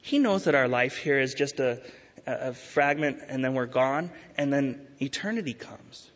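A man preaching a sermon as pastor, earnest and urging, slowing to stress key words. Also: medium pitch, expressive, a bit bright. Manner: earnest, urging, with emphatic rises and slow stresses. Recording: dull sound with long hall reverb.

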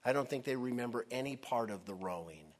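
A male pastor preaching a sermon, emphatic, with dramatic pauses, sometimes dropping to a hush. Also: mid-range voice, animated.

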